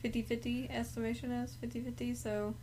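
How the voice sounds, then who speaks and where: A woman's voice: on the high side, level tone, brisk, darkish tone, a little hiss or hum. A woman co-hosting a casual podcast chat, brash and joking, swearing freely.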